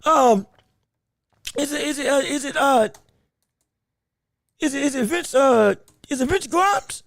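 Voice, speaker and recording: A man hosting a solo podcast, talking in an excitable, rambling way, often repeating words, with a voice that is straining and going hoarse. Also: very high-pitched, a little slow, no echo, clean studio sound. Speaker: podcast host.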